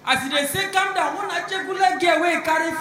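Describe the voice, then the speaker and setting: Animated Pidgin-speaking stand-up comic. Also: male voice, very high voice, a little fast, roomy sound, crowd noise. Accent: Nigerian Pidgin. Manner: animated storytelling with sound effects. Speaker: stand-up comedian. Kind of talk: stand-up routine.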